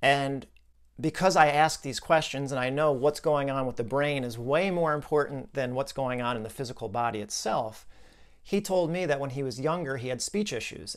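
A man explaining a client's case in a conversational video lesson, thinking aloud with asides and restarts. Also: medium pitch.

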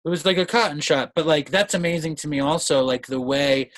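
A man's voice: fairly high pitch, brisk, fairly bright tone, a little hiss or hum. A man hosting a podcast in casual talk, conversational and restarting as he thinks aloud. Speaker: podcast host. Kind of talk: casual interview.

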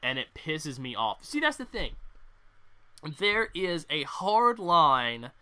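A man's voice: a little high, big pitch swings, slow pace, sharp tone, smooth. A young man hosting a casual podcast, ranting with strong opinions and some swearing. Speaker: podcast host.

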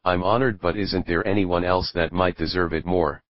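A man reading the quiet, hesitant lines of a brooding young male pirate in a storybook reading. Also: deep voice, steady tone, normal speed, lo-fi sound, lightly acted.

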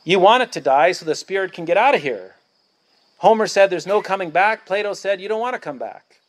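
A man's voice: high-pitched, expressive, brisk. A male pastor preaching a sermon outdoors at a church picnic, emphatic and declamatory, hammering points through repetition.

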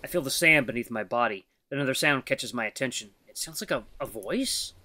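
A game streamer reading the narration of a visual novel aloud in a lowered, steady voice. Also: brisk.

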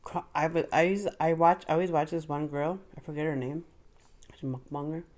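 Low-voiced woman chatting while eating. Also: steady tone, fairly quick, darkish tone. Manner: chatty, eating between words, frequent mm-hmms. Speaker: mukbang vlogger. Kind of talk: casual chat while eating.

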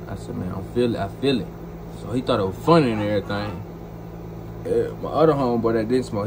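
A man's voice: medium pitch, background noise. Slangy young man telling a story. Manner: animated, slangy, repeats phrases. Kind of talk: casual storytime.

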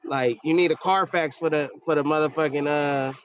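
A man's voice: fairly high pitch, fairly even intonation, moderate pace, hardly any pauses, a little hiss or hum. A man hosting a casual livestream, reading viewer comments aloud in a loose, joking and profane way, often trailing off into a mumble. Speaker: livestream host.

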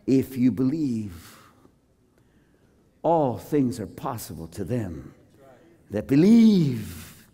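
A man's voice: medium pitch, big pitch swings, very slow, pauses often, warm tone, breathy edge. A man preaching a sermon, theatrical and joking as he tells a story. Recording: long reverb of a large hall.

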